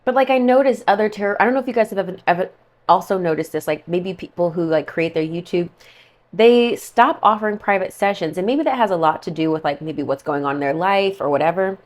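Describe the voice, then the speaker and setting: A woman's voice: fairly low pitch, quick pace. A woman giving a casual monthly tarot forecast, chatty and rambling, full of "like" and "okay" asides. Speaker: tarot reader.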